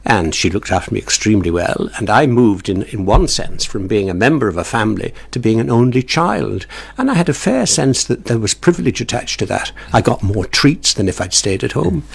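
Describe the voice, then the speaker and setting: A man's voice: fairly low pitch, very animated, brisk, creaky, hardly any pauses, husky. An older man, a retired broadcaster, chatting through stories from his early life in an interview, with small chuckles and repeated words. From born in England, raised in Ireland. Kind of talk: relaxed anecdotal interview talk.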